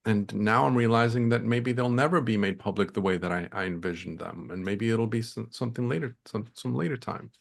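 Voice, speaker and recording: A man's voice: fairly low pitch, brisk, gravelly, few pauses. A man hosting a podcast, talking reflectively in casual chat and trailing off as he searches for words. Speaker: podcast host.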